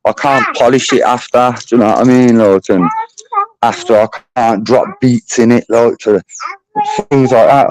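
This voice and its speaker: A man's voice: medium pitch, darkish tone, a little hiss or hum, rough recording. A middle-aged man rambling bluntly and swearing in casual livestream chat. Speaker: channel host.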